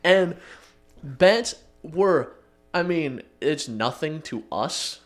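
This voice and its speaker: A man's voice: a little high, expressive, extremely slow, pauses often. Laughing, rambling male podcast co-host. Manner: loose, laughing storyteller with acted-out quotes. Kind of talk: casual podcast chat.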